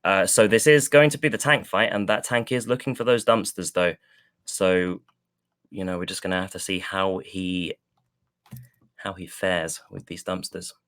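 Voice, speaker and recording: A man casting a live esports match, chatting loosely with many fillers while he fills the pauses. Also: low voice, steady tone, a bit bright. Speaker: esports caster.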